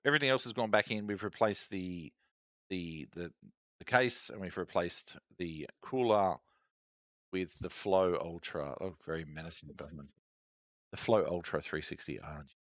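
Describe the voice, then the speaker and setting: A man's voice: deep voice, moderate pace, fairly bright tone, no echo, lo-fi sound. An Australian man in his forties, chatting casually on a live stream, rambling with lots of fillers and restarts.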